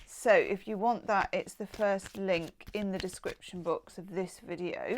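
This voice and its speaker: A woman's voice: medium pitch, measured pace, slight background noise. A middle-aged woman chatting casually through a tarot card reading, with exclaimed asides. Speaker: tarot reader.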